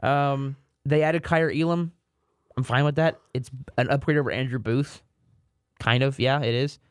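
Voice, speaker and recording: A man's voice: mid-range voice, fairly even intonation, moderate pace, clean tone, dry recording, studio quality. A man co-hosting a sports podcast in casual chat, rambling and repeating words, with self-mocking asides. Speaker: podcast co-host.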